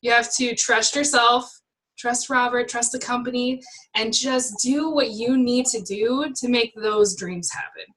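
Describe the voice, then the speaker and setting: A woman with a bright, edgy voice that sits a little high tells her stories animatedly. She acts out the back-and-forth of conversations as she goes. She talks like someone motivating her own team. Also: unhurried, poor audio. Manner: animated storyteller acting out exchanges. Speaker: team member leading her own group. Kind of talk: casual motivational chat.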